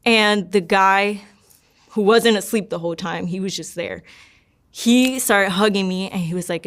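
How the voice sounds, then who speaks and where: Speaking a little slowly in a mid-range, slightly bright voice, a young female guest shares her testimony. It comes out casual and rambling, peppered with "like" and repeated words.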